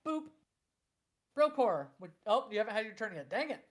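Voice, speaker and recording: A game master running a tabletop game in an animated, playful way. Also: medium pitch, racing.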